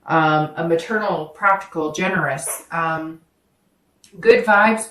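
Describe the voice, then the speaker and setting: A woman's voice: fairly low pitch, recorded from a distance. A woman giving a casual tarot reading to her viewers, rambling and correcting herself as she talks straight to them. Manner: rambling, self-correcting, speaks directly to viewers. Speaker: tarot reader. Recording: echoey room, voice away from the mic.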